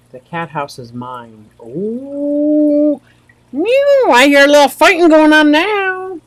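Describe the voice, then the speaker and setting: A woman's voice: on the low side, dry recording. A woman hosting a casual livestream from home, chatty and rambling as she reacts to the chat with frequent exclamations. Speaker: livestream host.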